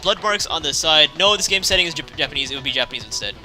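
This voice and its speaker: A man's voice: fairly high pitch, lively intonation, racing, sharp tone, faint music behind. A young man casually playing through a visual novel, reading the text aloud, rambling, correcting himself and laughing often. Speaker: let's play host.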